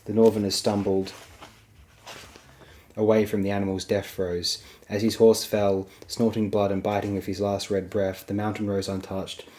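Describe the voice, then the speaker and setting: A man reading a fantasy novel aloud as an audiobook, in a steady, even storytelling manner. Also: fairly low pitch, moderate pace. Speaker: audiobook reader.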